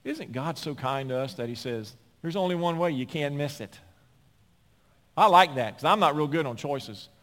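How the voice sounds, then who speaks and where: A male pastor preaching a sermon with emphatic, folksy delivery, piling up repeated phrases and building toward near-shouting. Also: fairly high pitch, animated, moderate pace. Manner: folksy asides and repeated words. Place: church sanctuary. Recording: long reverb of a large hall.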